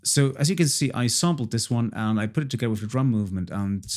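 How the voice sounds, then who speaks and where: A fast-talking man with a medium-pitched, expressive voice runs through a song he produced in a laid-back tutorial. He's chatty, says things more than once, and fills gaps with frequent fillers.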